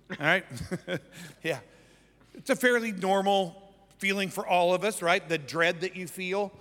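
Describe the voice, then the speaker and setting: A man's voice: high voice, sharp tone. A male pastor preaching a conversational sermon who keeps checking in with the congregation by asking "right?". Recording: church hall with long reverb.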